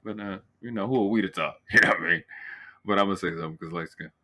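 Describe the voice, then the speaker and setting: A man's voice: low-pitched, fast talker, pushed and bright. A man with a Baltimore accent, teasing and bantering in a casual panel chat. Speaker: panel co-host.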